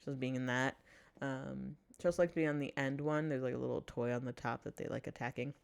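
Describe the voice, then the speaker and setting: A woman's voice: very deep voice, fairly even intonation, fast talker, vocal fry. A woman hosting her vlog from her desk at home, chatting in a rambling, casual way, swearing and laughing often. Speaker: vlog host.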